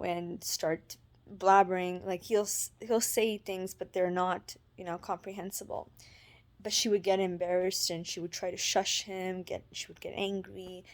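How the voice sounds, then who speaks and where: A young woman from Canada speaks in a fairly low, steady voice with little rise and fall. She talks haltingly, circling back with fillers and restarts as she shares her faith in a personal vlog. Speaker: vlogger.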